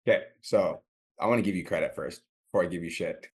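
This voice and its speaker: A man's voice: low voice, fast, darkish tone. A man coaching a caller in a blunt, profane, direct way. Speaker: business coach, host.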